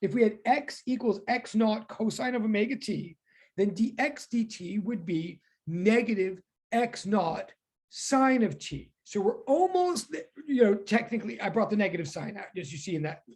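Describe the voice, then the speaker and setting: A woman teaching a physics class online, talking in quick self-correcting bursts. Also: mid-range voice, big pitch swings, a little mellow, husky.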